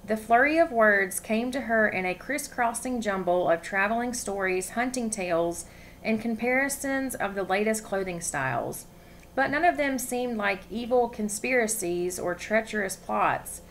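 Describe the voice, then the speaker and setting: A woman reading a novel aloud with expression, pausing to ask her listeners questions. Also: medium pitch, animated, slight background noise. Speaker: story reader.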